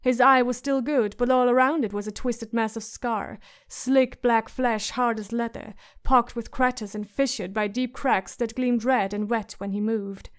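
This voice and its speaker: A woman's voice: a little high, steady tone, a little slow, hardly any pauses. Woman narrating a fantasy audiobook. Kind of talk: scripted narration.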